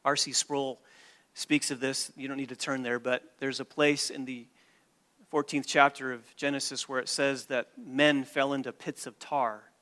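Bright, clear-voiced male preacher. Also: mid-range voice, little pitch movement, moderate pace. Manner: emphatic, swings between loud stresses and hushed lines. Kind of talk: sermon.

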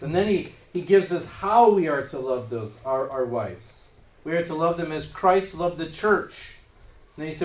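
A man's voice: a little high, animated, measured pace, a little mellow. A man preaching a sermon, pressing his points with emphatic rises in force. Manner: emphatic, rising in force on key phrases. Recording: roomy echo, voice from a distance.

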